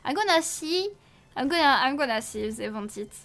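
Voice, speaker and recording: A young woman who speaks natively, chatting casually on a live stream in a rambling, halting way with many restarts and playful swearing. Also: high voice, lively intonation, fairly bright tone. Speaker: VTuber streamer.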